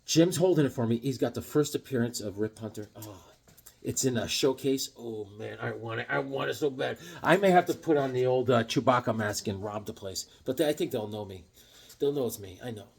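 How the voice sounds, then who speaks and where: A middle-aged comic collector vlogger speaks fairly quickly in a mid-range voice with vocal fry and a slightly rough quality. He chats casually about his comic book pickups, enthusiastic, excitable, and full of jokes.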